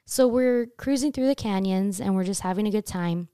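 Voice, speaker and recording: An animated young woman tells a story on a casual chat show, swearing freely and leaping up in pitch when she acts out her own panic. Her voice is mellow and warm. It sounds dry and close, with no room echo. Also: brisk, smooth. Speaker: podcast host telling a story.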